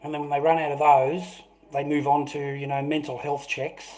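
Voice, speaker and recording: A man's voice: a little high, level tone, normal speed, a little mellow. A middle-aged man, ranting aggressively and swearing repeatedly on a live stream. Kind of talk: confrontational live stream rant.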